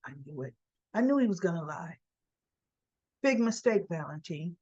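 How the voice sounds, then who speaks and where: A woman's voice: on the low side, expressive, moderate pace, dark tone, slightly rough, dull audio. A woman giving a casual, opinionated recap of a soap opera episode, talking back to the characters as she goes.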